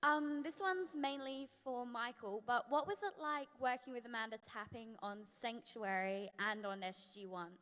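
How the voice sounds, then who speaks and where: A woman's voice: a little high, moderate pace, hardly any pauses, a bit bright. Shy woman asking from the hall. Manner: shy, apologetic. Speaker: audience questioner. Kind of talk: fan question at a panel. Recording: audience mic in a reverberant hall.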